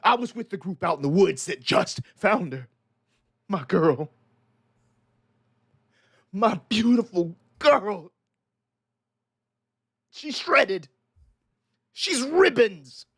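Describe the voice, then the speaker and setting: A man's voice: unhurried, a bit bright, slightly rough, no room sound, clean studio sound, exaggerated voice. A man voicing a grieving father in a mob, anguished and grim. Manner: anguished, then low and grim. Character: grieving, vengeful male father.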